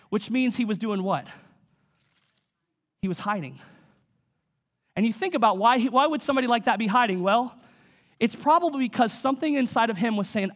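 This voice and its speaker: A man preaching a sermon in a conversational way, asking the room questions and acting out what people might say. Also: high-pitched. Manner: conversational, acts out voices with quick asides. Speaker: pastor.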